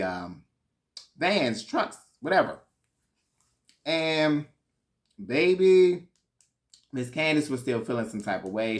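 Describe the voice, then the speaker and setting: A man's voice: on the low side, a bit bright. A man giving a sassy, gossipy recap of a reality show, swearing freely. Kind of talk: casual recap commentary.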